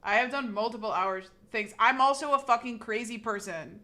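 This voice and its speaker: A woman streamer chatting casually with her viewers, animated, laughing often and swearing freely. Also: on the high side, moderate pace. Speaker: live streamer.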